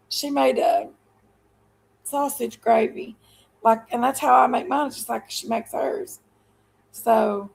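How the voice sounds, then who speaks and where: Chatty woman with a gravelly, high voice. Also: rough recording. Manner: rambling, folksy and chatty. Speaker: livestream host. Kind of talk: casual livestream chat.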